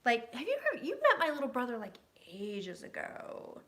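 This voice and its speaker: A tipsy woman in her thirties reading tarot, chatting loudly and swearing as she tells stories. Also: fairly high pitch, a little fast, a little hiss or hum. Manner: loud, sweary, excitable storyteller. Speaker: tarot reader and host. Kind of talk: casual tipsy chat.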